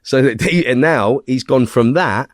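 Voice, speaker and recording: A man's voice: mid-range voice, unhurried, no echo, studio quality. Blunt, swearing man telling a story. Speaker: podcast guest. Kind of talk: storytelling in a podcast interview.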